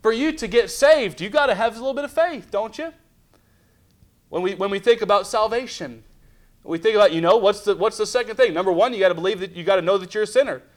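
A man's voice: sits high, fast talker. A man pastor preaching a midweek Bible study sermon, reading scripture aloud, asking the congregation questions and acting out little scenes, with frequent restarts. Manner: preaching with rhetorical questions and dramatized asides. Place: church.

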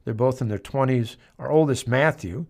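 Guy in his 50s doing a podcast rant, earnest and emphatic, lots of uhs, mid-pitched voice. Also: normal speed. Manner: earnest, emphatic, many filler restarts. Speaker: podcast host. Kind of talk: political commentary monologue.

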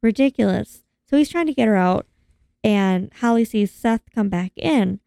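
Creaky-voiced woman acting out a film recap. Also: mid-range voice, normal speed, no room sound, studio quality. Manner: animated, acts out characters' lines with voices. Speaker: podcast co-host recapping a film. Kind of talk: casual chat.

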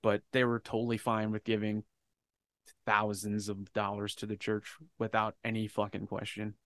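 A man's voice: lowish voice, moderate pace. A man telling a personal story in casual podcast chat, swearing freely and acting out the people in it. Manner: profane, animated storyteller. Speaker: podcast co-host.

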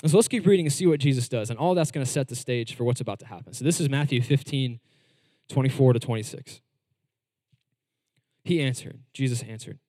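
A man preaching a sermon in a conversational style, leaning on words and slowing down for emphasis. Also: medium pitch, a little mellow, dry recording, in a large hall. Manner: conversational preaching with varied emphasis and slow stresses. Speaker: pastor.

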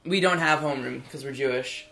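A man's voice: medium pitch, fairly quick, vocal fry, pushed and bright. A teenage boy guest on a friends' podcast, describing things in a matter-of-fact, slightly hesitant way. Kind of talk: casual chat. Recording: roomy home recording.

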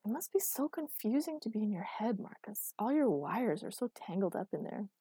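A woman's voice: mid-range voice, sing-song, normal speed, dark tone, husky, no room sound, studio quality. A woman voicing a quirky, cheerful young woman inventor who talks in a bubbly, earnest way. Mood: curious.

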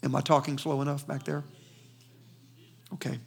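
A man with a Southern US accent preaching a sermon in a church, emphatic and fast-talking, calling out for responses from the congregation. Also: mid-range voice, monotone, creaky, husky, faint music behind. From Southern United States. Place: church sanctuary.

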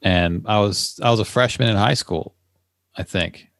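Chatty man with a lowish voice. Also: fairly bright tone, dry recording, studio quality. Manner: chatty, quick to laugh, rambling. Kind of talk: casual chat.

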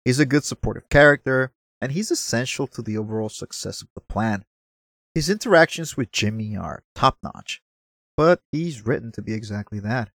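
Male vlogger reviewing a film, mid-pitched, conversational, a few verbal stumbles. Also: moderate pace, fairly bright tone, dry recording. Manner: chatty, apologetic asides, stumbles over words. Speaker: movie reviewer. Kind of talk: casual movie review commentary.

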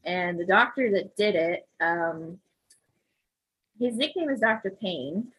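A woman's voice: lowish voice, animated, slow, a bit bright, slight background noise, rough recording. A woman who works as a physical therapist, animatedly telling a story in casual chat, acting out the voices and laughing often.

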